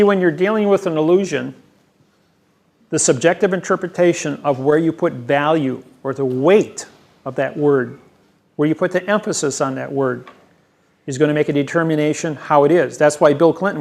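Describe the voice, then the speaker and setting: A man with a slightly raised pitch holds forth at a seminar, talking in a long, rambling lecture. He sounds emphatic and self-assured and leans hard on the words he wants to stress. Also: normal speed, gravelly. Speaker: seminar presenter. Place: seminar room.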